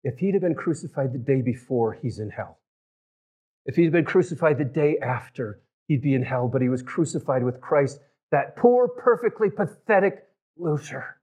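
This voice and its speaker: A man preaching a sermon, telling stories and shifting from loud emphatic lines to near-whispered ones. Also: medium pitch, moderate pace, slightly rough. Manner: storytelling with big swings from loud to hushed. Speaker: pastor.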